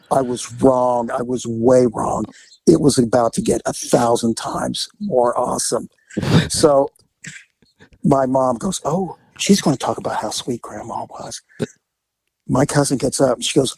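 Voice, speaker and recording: A man's voice: unhurried, creaky, slightly rough, dry recording, poor audio. A man co-hosting a podcast, telling a family story in casual chat and acting out the people in it. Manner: animated storyteller, acts out quotes in high voices. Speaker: podcast co-host.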